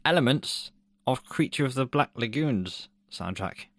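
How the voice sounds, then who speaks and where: A man's voice: mid-range voice, expressive, measured pace, a bit bright, dry recording, clean studio sound. A man co-hosting a podcast. He reviews a film in casual, jokey chat, laughing often and swearing freely. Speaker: podcast co-host.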